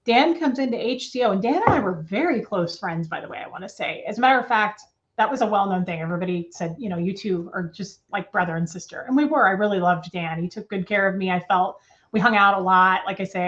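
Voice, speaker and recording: A woman at home, telling an interviewer her story in a halting, emotional way, with restarts and nervous laughs. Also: mid-range voice, a bit bright, dull audio. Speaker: interview guest. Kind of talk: personal testimony in a remote interview.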